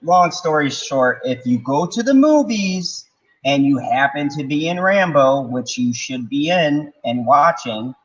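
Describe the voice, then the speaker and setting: A blunt man rants casually as host of a livestream, rambling from point to point and swearing freely. His voice sits a little high. The sound is dull and lo-fi. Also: lively intonation, unhurried, a bit bright. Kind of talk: casual ranting chat. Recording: dull lo-fi mic.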